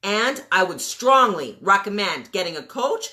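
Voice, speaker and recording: A woman's voice: mid-range voice, very animated, a little slow, bright, forceful tone. A woman in her forties giving a motivational rant as a coach, emphatic and blunt, firing rhetorical questions and repeating commands. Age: 40s. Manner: blunt, mild swearing.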